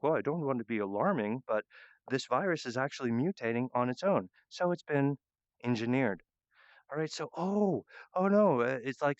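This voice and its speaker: A man's voice: medium pitch, clear, resonant tone, dry recording, highs cut off. A man talking in a rambling monologue, hesitant and full of fillers and restarts. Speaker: channel host.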